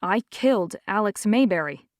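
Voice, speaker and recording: A confused, disturbed young man, as a woman narrator reads him in an audiobook. He sounds bewildered and quick to accuse. The voice is close and dry, with no room sound. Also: medium pitch, expressive, no echo, close to an everyday voice. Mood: insistent. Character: young man, shaken and confused after possession.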